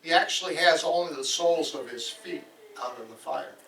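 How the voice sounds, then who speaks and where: A chatty demon from hell brags about the torments below, told by a man. The voice sits fairly high and is heard from a distance. The room echoes around it. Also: normal speed, vocal fry, sharp tone, a little hiss or hum. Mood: boastful. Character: boastful male demon from hell. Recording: roomy hall, voice from far off.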